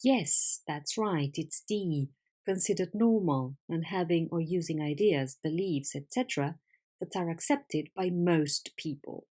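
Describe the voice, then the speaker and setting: This woman, whose first language is Spanish, runs a patient, clear English vocabulary lesson, posing questions and confirming the answers. She speaks a little slowly in a low-pitched, dark-toned voice.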